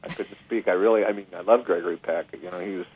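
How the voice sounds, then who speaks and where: A middle-aged man, a guest musician, telling a story in a casual interview, animated and full of restarts and asides. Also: low voice, fast, breathy edge. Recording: dry tinny phone line.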